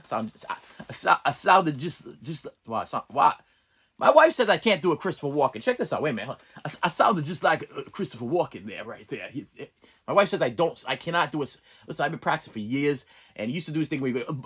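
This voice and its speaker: A middle-aged man reviews bargain movie discs in a loose, rambling, joking way, often stammering and starting over, and he slips into off-key singing and impressions. His voice sits fairly high, swings widely in pitch, and moves fast, with a slightly bright, slightly rough quality.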